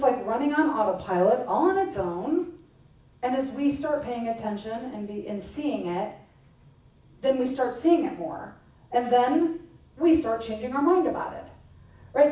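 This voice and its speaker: A woman's voice: a little high, warm tone. A middle-aged woman minister giving a casual, conversational sermon, chatty and self-mocking, acting out bits of everyday talk. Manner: chatty and self-mocking, with playful acted-out quotes. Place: church sanctuary. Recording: echoey hall, voice from a distance.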